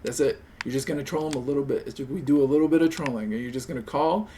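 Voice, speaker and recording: Speaking rapid-fire at a medium pitch, a streamer host chats casually while coaxing a friend into things with animated persuasion. He curses freely and puts on small pleading voices, and there's a slight hiss or hum on the recording.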